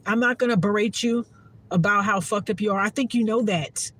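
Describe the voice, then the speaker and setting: A woman's voice: mid-range voice, brisk, a bit bright. A woman giving a heartfelt, profane casual monologue to her viewers as a spiritual content creator.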